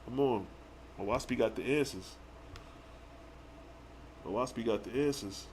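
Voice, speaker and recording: A man hosting a live religious stream, reading verses slowly and then breaking into excited slang commentary with rhetorical questions. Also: medium pitch, a little hiss or hum. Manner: challenges the listeners with rhetorical questions. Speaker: religious livestream host. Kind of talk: live scripture teaching.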